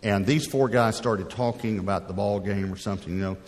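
A man's voice: fairly low pitch, fairly quick. A middle-aged man and pastor telling a personal story in a sermon, talking conversationally with frequent restarts. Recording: long reverb of a large hall.

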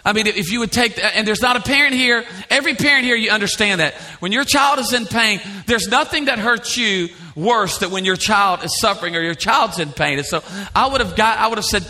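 A man's voice: high voice, normal speed. A middle-aged man preaching a sermon in a church, telling stories in a conversational way and asking the congregation questions. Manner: storytelling, animated and conversational, asks the congregation questions. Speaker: pastor.

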